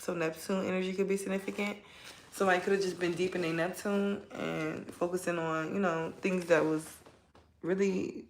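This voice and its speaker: A woman's voice: fairly low pitch, roomy sound, slight background noise. A woman giving a casual tarot reading from home, talking straight to her viewers in a chatty, heartfelt way. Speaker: tarot reader. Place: at home, kids nearby.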